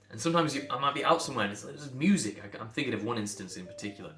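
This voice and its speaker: Man from England, speech coach, blunt and emphatic, mid-pitched voice, echoey room. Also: very fast, few pauses, soft background music. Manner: blunt and emphatic, builds to animated outbursts. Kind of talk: direct-to-camera speech coaching talk.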